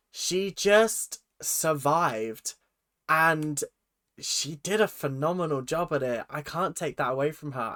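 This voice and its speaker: Excitable young man reacting. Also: a little high. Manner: excitable, gushing, chatty. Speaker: reaction video host. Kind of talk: casual reaction commentary.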